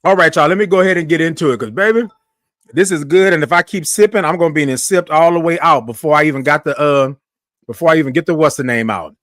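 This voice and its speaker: A man's voice: a little high, a bit bright, no echo. Chatty male morning-show host, dry sound. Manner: greets viewers by name with drawn-out, sung greetings; Southern-style informal speech, says "y'all". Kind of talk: casual live-stream chat.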